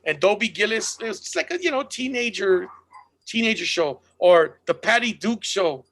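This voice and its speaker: A man's voice: high voice, lively intonation, moderate pace, a bit bright. A man in casual chat over a video call, rambling and swearing, with bro and dude.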